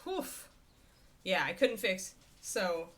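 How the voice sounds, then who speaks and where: Her voice sits at medium pitch, swings widely in pitch, and moves slowly. She's a livestreamer painting miniatures at home, rambling chattily and laughing at herself into a desk USB microphone positioned at face level.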